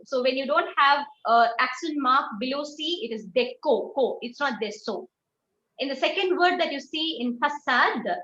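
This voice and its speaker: Woman language tutor, high-pitched, patient and explanatory, echoey and slightly muffled online-call sound. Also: sharp tone. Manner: patient, explains step by step with frequent check-in questions. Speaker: French teacher. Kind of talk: online class instruction. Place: online video class.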